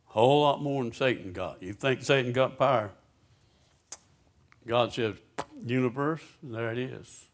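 Preacher man reading scripture. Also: medium pitch. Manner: preaching, reads scripture aloud and asks the congregation questions. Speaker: pastor. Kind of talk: sermon.

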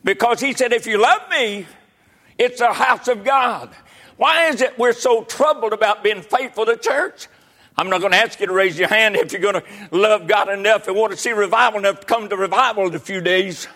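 Older male preacher, high and bright, fervent, swinging from shouts to near whispers. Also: normal speed. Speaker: pastor. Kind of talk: sermon.

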